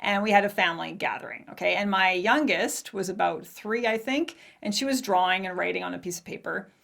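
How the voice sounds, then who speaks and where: A woman's voice: mid-range voice, a little fast, creaky, fairly bright tone. A woman in her forties hosting a podcast, telling a personal story candidly, with laughs and acted-out quotes. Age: 40s. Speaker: podcast host. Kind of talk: personal monologue.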